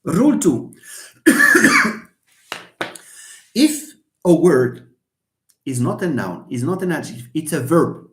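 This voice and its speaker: A man with a Moroccan accent, a native Moroccan Arabic speaker, teaching an animated live English lesson and acting out his examples. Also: a little high, slow, pauses often. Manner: animated, mixes English and Arabic, acts out stress examples with a laugh. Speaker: English lecturer. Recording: roomy echo.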